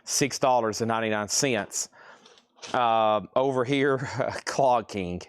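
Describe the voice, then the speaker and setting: Southern man, mid-pitched, drawling host voice, dry close sound. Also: fairly even intonation, slow, smooth, no echo. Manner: drawls out words; chatty, reads out titles and prices. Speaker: live sale host. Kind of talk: live-stream record sale.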